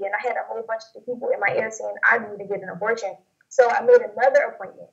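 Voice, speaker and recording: A young woman tells her personal story in a fairly high voice, halting and rambling with lots of fillers and restarts. The audio is dull and lo-fi, like a muffled recording. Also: steady tone, vocal fry. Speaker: guest sharing testimony. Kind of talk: personal testimony interview.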